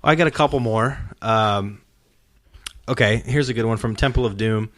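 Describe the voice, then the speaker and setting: A man with a lowish voice hosts a relaxed podcast chat, retelling scenes in a sincere, meandering way. His voice is recorded close and dry, with no room sound around it. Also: moderate pace, no room sound. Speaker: podcast host. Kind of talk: casual chat.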